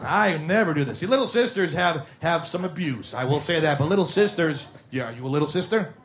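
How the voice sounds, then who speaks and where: A man's voice: fairly high pitch, lively intonation, brisk, noisy background. Rambling stand-up comic man. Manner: rambling, acts out family voices. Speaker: stand-up comedian. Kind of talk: stand-up comedy.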